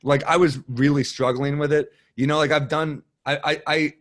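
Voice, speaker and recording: A man's voice: on the high side, fairly even intonation, normal speed. A man as a guest on a podcast, chatting casually in a loose, rambling way with plenty of swearing. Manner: rambling, loose and profane, full of "like". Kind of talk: casual chat.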